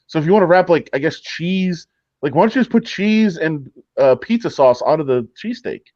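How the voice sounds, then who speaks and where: A man's voice: on the high side, expressive, a little fast, darkish tone, dry recording, lo-fi sound. A man co-hosting a radio show in casual banter, blunt and mocking, laughing often.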